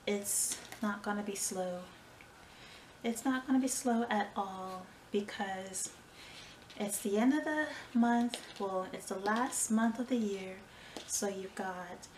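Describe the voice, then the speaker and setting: A woman's voice: mid-range voice, echoey room, noisy background. Tired chatty woman vlogging at home. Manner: chatty, dramatic sighs and playful exaggeration. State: tired and short of breath. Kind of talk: casual vlog chat. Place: home kitchen. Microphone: phone on a selfie stick.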